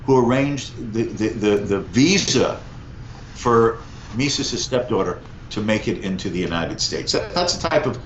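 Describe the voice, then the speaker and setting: A man's voice: fairly low pitch, unhurried, faint music behind. Man in his sixties telling stories in an echoey room. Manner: animated anecdote teller, lively vocal emphasis. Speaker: guest, economics professor. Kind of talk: storytelling in a conversational interview. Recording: echoey, slightly muffled room.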